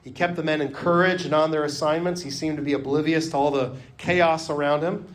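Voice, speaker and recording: A man's voice: on the high side, fairly even intonation, fairly quick. Earnest male pastor preaching. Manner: earnest preaching, drops to a hush on key phrases. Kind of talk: sermon.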